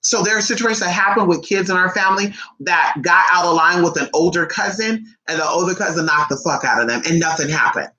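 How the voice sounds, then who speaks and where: A young adult woman telling a family story casually, animated and profane, acting out the people she quotes. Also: fairly low pitch, fast, few pauses. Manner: animated, profane, acts out quotes in shifting voices. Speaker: vlogger. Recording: echoey room.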